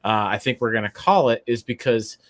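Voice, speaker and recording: A male podcast host in easy, relaxed chat, with short upbeat questions and quick agreement. His voice sits at a middle pitch for a man. He keeps the talk light and friendly. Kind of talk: casual interview chat.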